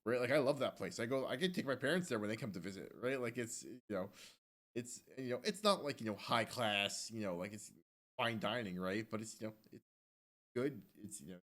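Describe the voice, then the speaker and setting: A man co-hosting a casual podcast, telling stories at an easy pace with plenty of fillers. His pitch is ordinary for a man, neither high nor low. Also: fairly quick, fairly bright tone. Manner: easygoing, filler-heavy storytelling. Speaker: podcast co-host. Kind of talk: casual chat.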